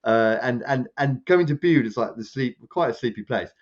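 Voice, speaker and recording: A podcast co-host rambles through a casual anecdote, speaking at normal speed and getting animated as he acts out what others said in a raised pitch. The recording has its highs cut off.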